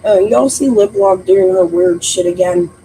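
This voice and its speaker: A woman's voice: on the low side, measured pace, mellow, a little hiss or hum, rough recording. A woman hosting a true crime livestream, talking casually in a blunt, emphatic way and swearing often. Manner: blunt, heavily profane, emphatic. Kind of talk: casual chat.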